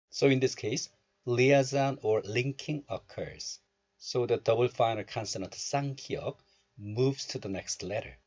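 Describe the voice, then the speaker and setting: A man hosting a language channel, explaining pronunciation slowly and repeating sounds for learners. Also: on the low side, slightly rough, dull audio. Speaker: Korean language teacher, channel host. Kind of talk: explaining phonics lesson.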